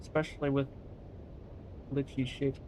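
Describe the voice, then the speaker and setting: A laid-back young man chats on a live game stream, swearing easily and answering his viewers as he plays. His voice sits at an ordinary middle pitch, and a faint low rumble runs under the recording. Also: flat delivery, normal speed, darkish tone. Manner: laid-back, swears casually, talks to chat. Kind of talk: casual live-stream chat.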